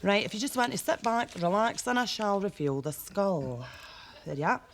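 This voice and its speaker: An actress playing a theatrical old fortune teller with a Scottish accent, in a comedy sketch. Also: female voice, mid-range voice, animated, a little hiss or hum, lightly acted. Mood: mysterious. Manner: slow, portentous, showy.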